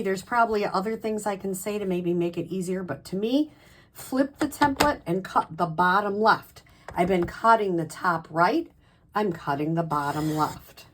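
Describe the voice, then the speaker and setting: Woman craft demonstrator, casual tutorial, chatty with ums and restarts, medium pitch, faint noise. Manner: chatty, with frequent ums and self-corrections.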